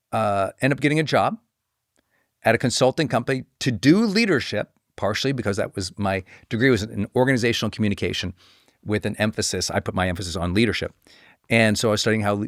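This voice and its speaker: A middle-aged man hosts a podcast and tells a story from his own life. His voice swings widely in pitch as he acts out what other people said to him. It is a dry, close recording with no room sound. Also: fairly quick, no echo. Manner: animated, acts out quoted voices with pitch jumps. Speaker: podcast host. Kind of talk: personal storytelling.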